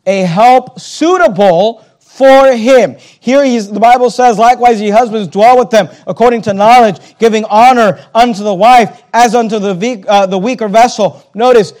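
Man, pastor, sermon, high voice, emphatic, repeats phrases, addresses congregation. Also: normal speed, a little mellow.

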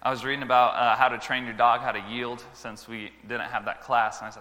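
Man, preacher, sermon to children, storytelling, bright forceful voice, loud-to-quiet swings, long hall reverb. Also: mid-range voice, a little fast. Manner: animated, swings from loud exclamations to quiet earnest tones. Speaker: preacher speaking to schoolchildren.

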